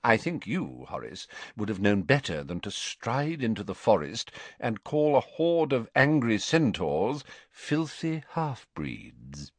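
A man voicing a very old male wizard who speaks calmly and serenely, with dry, gentle irony. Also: lowish voice, takes it slowly, hardly any pauses, dry recording, exaggerated voice.

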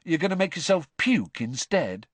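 A man's voice: fairly high pitch, very animated, moderate pace, no echo, voice pushed up. A man voicing a teenage schoolboy who talks in a teasing, slyly joking way.

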